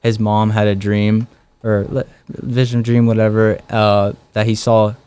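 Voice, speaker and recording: A man's voice: lowish voice, little pitch movement, a little slow, darkish tone, clear, resonant tone. A young man, a street evangelist, telling stories in a casual interview, full of fillers and acted-out dialogue. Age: young adult. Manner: rambling, many fillers and quoted dialogue.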